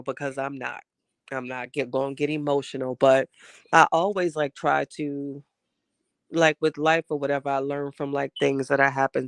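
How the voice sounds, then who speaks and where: Still recovering from a cold, a male chat-show host talks candidly and at length, rambling with heartfelt commentary. His pitch is fairly high and his tone fairly bright, clear and resonant, in studio-quality audio with no room sound.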